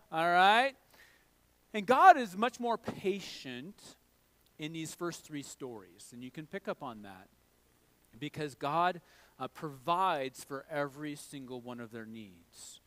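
A man's voice: high voice, clean tone, dry recording. A middle-aged man preaching a sermon in a conversational way, often checking in with "all right?". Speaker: pastor.

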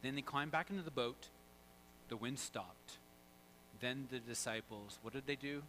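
A pastor preaching a sermon, animated, swinging from loud to hushed and quizzing the congregation. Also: male voice, mid-range voice, normal speed, slight background noise, low-quality recording.

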